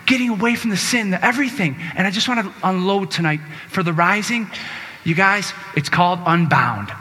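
A man's voice: sits high, bright, forceful tone. A man preaching a Catholic sermon, exuberant and exclamatory, leading the crowd in call-and-response chants. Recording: long reverb of a large hall.

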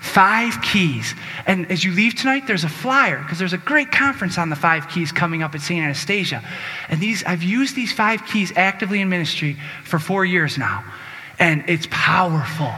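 A man's voice: sits high, animated, normal speed, sharp tone. A man preaching a Catholic sermon, exuberant and exclamatory, leading the crowd in call-and-response chants. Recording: long reverb of a large hall.

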